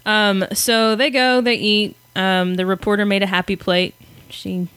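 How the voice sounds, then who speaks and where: A woman's voice: medium pitch, steady tone, moderate pace, few pauses, a bit bright, clear, resonant tone, no room sound. A woman casually recapping a comic story on a podcast, chatty and self-deprecating. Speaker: podcast co-host.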